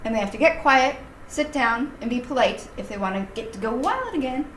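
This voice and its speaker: Energetic woman dog trainer in echoey room. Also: on the high side, fairly quick. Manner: energetic, playful, excitable. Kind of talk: demonstration video. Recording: echoey room, voice from off-mic, faint hiss.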